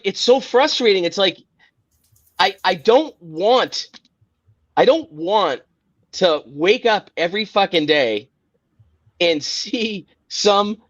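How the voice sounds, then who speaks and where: Heard through dull, lo-fi audio, a sports podcast host with a higher, fairly bright voice rants casually, getting heated, exasperated and profane.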